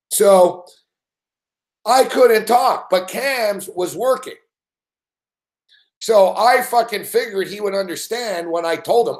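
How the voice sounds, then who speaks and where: A man hosting a sports betting show, telling a story in a casual way, swearing constantly and laughing often. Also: high-pitched.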